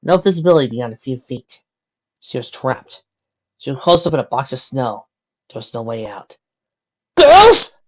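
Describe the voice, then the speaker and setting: Female narrator, low and expressive, fan audiobook; dull lo-fi recording. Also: moderate pace. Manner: steady descriptive narration with occasional slips. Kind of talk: fan fiction audiobook reading.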